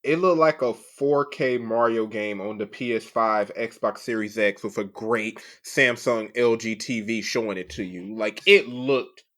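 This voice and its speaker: A man's voice: on the low side, unhurried, hardly any pauses. A man co-hosting a podcast, chatting casually and emphatically about movie trailers, often saying "bro". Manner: animated, emphatic, says "bro" a lot. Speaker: podcast co-host.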